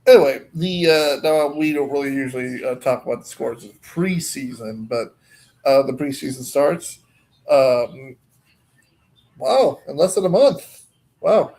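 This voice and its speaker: A man co-hosting a live stream in casual chat, talking haltingly with many pauses and restarts. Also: medium pitch, expressive, a little mellow.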